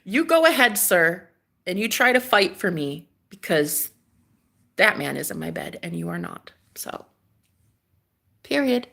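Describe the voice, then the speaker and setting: A woman chatting casually on a live stream, dramatic and gushing, swinging from loud exclamations to hushed asides. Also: on the low side, expressive, a little slow, vocal fry, long pauses.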